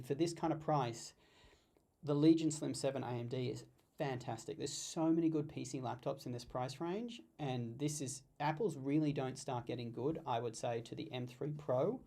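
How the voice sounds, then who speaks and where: A man hosting a live stream of tech talk, unscripted and animated, often stumbling and restarting his sentences. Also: mid-range voice, gravelly, breathy edge.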